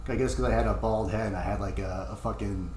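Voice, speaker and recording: A man's voice: on the low side, steady tone, a little fast, a little mellow, slight background noise. A man livestreaming, talking casually in a heated, profane ramble full of fillers, into a desk microphone.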